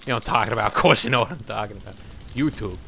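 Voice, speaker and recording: A man's voice: on the low side, racing, creaky, sharp tone, faint music behind. A young man giving casual, rambling let's-play commentary, joking and laughing as he plays. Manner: rambling, jokey, laughs often.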